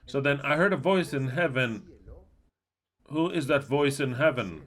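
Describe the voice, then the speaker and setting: A man giving a livestreamed Bible teaching. He is emphatic and asks many rhetorical questions, swinging between loud and soft, with blunt, coarse asides. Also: medium pitch, expressive, measured pace.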